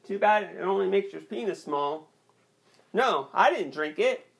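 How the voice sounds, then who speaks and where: A young man performing an awkward, rambling stand-up set with a hesitant, deadpan delivery and many restarts. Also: sits high, a little slow, creaky. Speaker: stand-up comedian.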